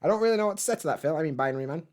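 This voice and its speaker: A man's voice: on the high side, lively intonation, rapid-fire, darkish tone. A man, hosting a casual live stream from home, rambling in a laid-back way, swearing freely and answering chat.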